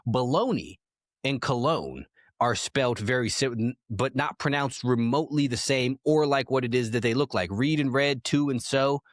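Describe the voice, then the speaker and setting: A man co-hosts a podcast in a blunt, profane rant, pressing each point hard. His voice sits at an average pitch. The sound is dry and close to the mic. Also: moderate pace, dry recording. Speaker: podcast co-host.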